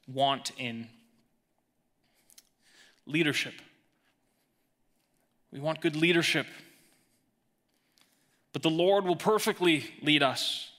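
Male pastor, sermon delivery, very bright tone, emphatic with hushed drops. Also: fairly high pitch. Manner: emphatic, swings between raised emphasis and hushed lines.

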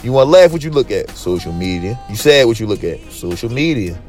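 A man's voice: mid-range voice, very animated, fast talker, a little mellow, soft background music. A man hosting his own podcast alone, talking to listeners in a loose, profane, hyped and rambling way. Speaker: podcast host. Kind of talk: casual solo podcast monologue.

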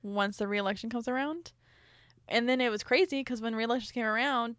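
A young woman co-hosting a casual book chat, animated and quick with jokes. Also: a little high, dry recording, studio quality. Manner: animated, joking, quick asides. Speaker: podcast co-host.

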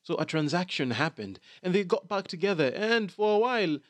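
A man's voice: high voice, animated, brisk, no room sound. A man giving casual commentary on celebrity gossip, chatty and dropping Swahili slang into his English.

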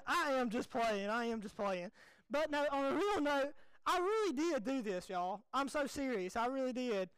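High-voiced young pastor. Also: male voice, no room sound, rough recording. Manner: folksy, animated, self-deprecating. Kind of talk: sermon.

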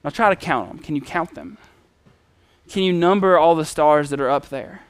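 Preacher doing God, soft and fatherly, hushed, tender, smooth voice. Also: on the high side, normal speed, no room sound, studio quality, lightly acted. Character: gentle fatherly God comforting a man.

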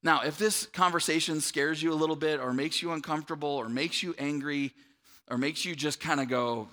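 A man's voice: on the high side, brisk. A man, a pastor giving a conversational sermon to a church audience, often checking in with "right?". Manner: conversational, animated, asks the room "right?".

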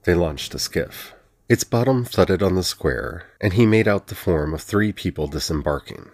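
A man narrating a fantasy audiobook in an even, steady reading. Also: low-pitched, moderate pace.

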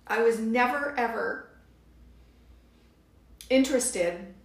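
A woman hosting a podcast, telling a personal story in a casual, animated way and quoting others as she goes. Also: fairly high pitch, takes it slowly, gravelly, roomy sound. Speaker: podcast host, yin yoga teacher.

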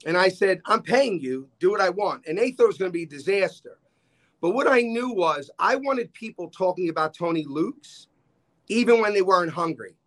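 A man's voice: high voice, a little fast. A man, telling stories as a podcast guest and acting out the people he quotes. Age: 60s. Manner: animated storyteller, acts out quoted dialogue. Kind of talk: casual storytelling chat.

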